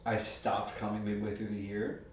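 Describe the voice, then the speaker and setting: A low-pitched man in his thirties rambles through stories with frequent laughter. He sits back from the mic in a very echoey room with faint noise behind him. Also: completely flat delivery, normal speed, recorded from a distance. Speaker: co-host. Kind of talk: casual chat. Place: room, on a couch.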